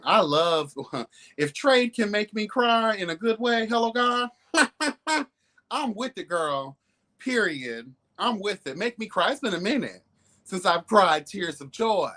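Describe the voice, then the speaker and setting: A man's voice: a little high, sharp tone. Sassy flamboyant male live-stream host. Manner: sassy, flamboyant, peppered with exclamations. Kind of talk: live-stream pop culture commentary.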